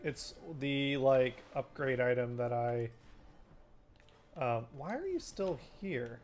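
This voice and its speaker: A man's voice: mid-range voice, animated, takes it slowly, darkish tone, soft background music. A man chatting casually while playing a game on stream, making dry joking asides.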